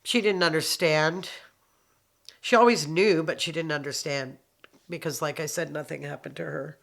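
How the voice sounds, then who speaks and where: A middle-aged woman from Canada giving a personal testimony, halting and reflective, pausing often with ums. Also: low-pitched, gravelly. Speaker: abuse survivor telling her story.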